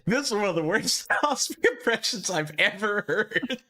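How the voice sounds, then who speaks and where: Bright-voiced young man hosting a stream. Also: high-pitched, expressive, normal speed. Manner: profane, self-mocking, laughing often. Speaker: livestream host. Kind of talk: casual live stream commentary.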